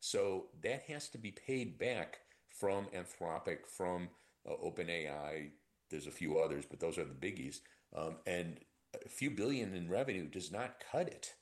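A man speaking as an economist guest in an interview, animated and sardonic, with many fillers and restarts. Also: low-pitched, unhurried. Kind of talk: conversational expert commentary.

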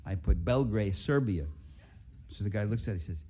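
A man speaks to an audience in a low, warm voice. He tells his stories in a rambling way, with restarts and asides, and he sounds indignant as he goes. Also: expressive, a little slow, long pauses, a little hiss or hum. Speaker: writer and activist speaker. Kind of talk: public talk with anecdotes.

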